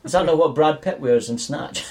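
A man's voice: a little high, normal speed, darkish tone. A man co-hosting a podcast, chatting casually and mockingly about a film, swearing often. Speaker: podcast co-host. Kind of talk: casual movie review chat.

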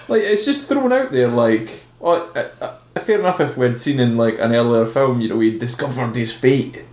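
A man's voice: mid-range voice, lively intonation, moderate pace, darkish tone, echoey room. A man co-hosting a podcast, chatting playfully about a film with lots of giggling. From Scotland. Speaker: podcast co-host. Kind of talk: casual film review chat.

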